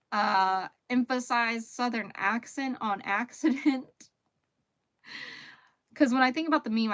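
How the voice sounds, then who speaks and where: A woman in her thirties hosting a relaxed live crochet stream, chatting casually, reading chat messages aloud and laughing often. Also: mid-range voice.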